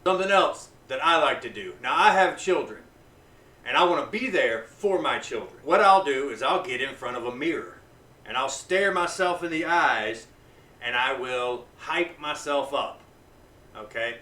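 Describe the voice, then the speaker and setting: A man vlogging casually to camera, blunt and profane, swinging between loud hype and low, intense talk. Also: expressive, moderate pace, recorded from a distance. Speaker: vlogger on fasting. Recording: echoey room, voice off-mic.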